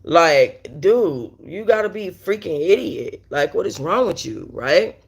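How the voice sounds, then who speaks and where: A woman's voice: lowish voice, animated, unhurried, gravelly, slightly rough. A woman hosting a casual livestream, telling a story bluntly and with plenty of profanity while talking straight to her viewers and reading their chat. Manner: talks straight to viewers with many asides.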